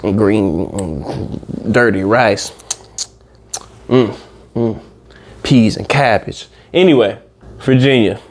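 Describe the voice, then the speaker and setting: A man's voice: mid-range voice, a little mellow. A man hosting a casual reaction video, rambling and preaching life lessons straight to his viewers and swearing freely.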